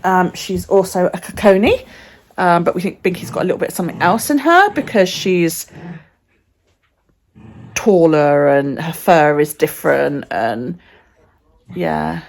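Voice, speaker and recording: A woman's voice: lowish voice, lively intonation, a little slow, vocal fry, long pauses. A woman vlogging on her phone, rambling casually, sometimes swearing and often dropping to a near whisper. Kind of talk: casual chat. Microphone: phone held by the speaker.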